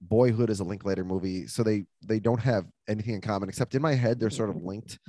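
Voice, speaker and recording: A man's voice: lowish voice, no echo. A man hosting a podcast in casual chat, joking and teasing as he runs through a list. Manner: joking, teasing, quick and lively. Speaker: podcast host.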